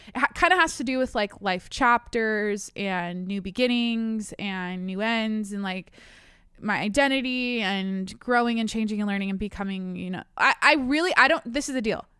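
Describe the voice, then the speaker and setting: A woman's voice: mid-range voice, fairly bright tone, clean tone, dry recording. A young adult woman hosting her own podcast from a home studio, chatting candidly and rambling, swearing freely. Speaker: podcast host. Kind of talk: casual solo podcast chat. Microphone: studio mic, on camera.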